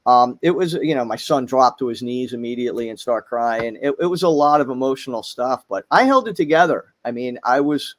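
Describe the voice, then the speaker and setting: A middle-aged man talking as a podcast guest, halting, with many fillers and restarts. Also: medium pitch, a little hiss or hum. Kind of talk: casual chat.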